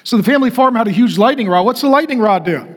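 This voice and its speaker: A man's voice: very high voice, expressive, fast. A middle-aged man from North Dakota preaching a sermon to men in a direct, conversational way, asking the crowd to raise their hands. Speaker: pastor.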